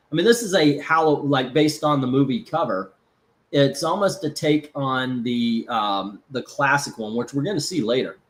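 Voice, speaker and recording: A man's voice: medium pitch, a bit bright. A man from Florida hosting a casual live stream, rambling with lots of fillers and restarts while reading out chat. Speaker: host.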